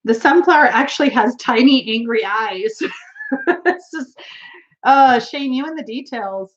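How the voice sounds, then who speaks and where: A woman's voice: fairly high pitch, measured pace, lo-fi sound. Giggly woman chatting on a home live stream. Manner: giggly, chatty, laughs often. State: runny nose. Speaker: tarot livestream host. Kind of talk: casual live-stream chat, reading viewer comments.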